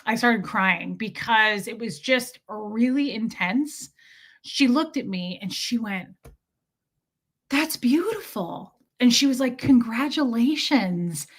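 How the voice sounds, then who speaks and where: A woman's voice: a little high, a little slow, a bit bright. A woman hosting a casual livestream, telling a rambling story and often breaking off to greet viewers in the chat. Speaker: content creator hosting a livestream.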